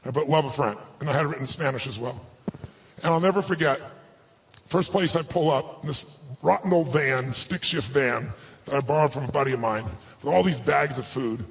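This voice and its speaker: A man's voice: medium pitch, brisk, vocal fry. A man giving a live motivational talk to an audience, telling a personal story in an emphatic, earnest way. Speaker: motivational speaker.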